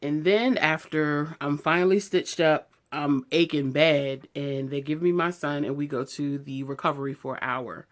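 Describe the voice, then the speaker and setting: Woman, early thirties, low voice, candid vlog storytelling, animated. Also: normal speed, few pauses. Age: 30s. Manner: candid, animated retelling, heated when quoting herself. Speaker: beauty vlogger. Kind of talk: casual storytelling to camera.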